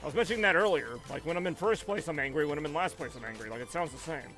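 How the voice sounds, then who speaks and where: High-voiced man, always sounding angry. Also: very fast, soft background music. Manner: sounds angry even when he is not; rambling, animated. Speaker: live streamer. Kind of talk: casual live-stream chat. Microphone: headset.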